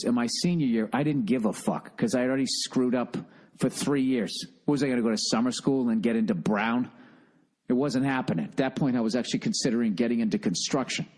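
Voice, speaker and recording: A middle-aged man with a Boston accent rants alone on his podcast. He talks in loose, profane tangents and keeps mocking himself. His voice sits at an everyday middle pitch. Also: fairly quick, a little mellow. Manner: profane, rambling, self-mocking. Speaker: podcast host. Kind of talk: casual solo podcast rant.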